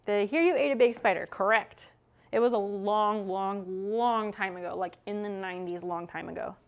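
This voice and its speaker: A woman's voice: medium pitch, normal speed, vocal fry. A young adult woman streamer chatting casually with her viewers as she works, swearing freely. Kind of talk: casual chat with chat while working.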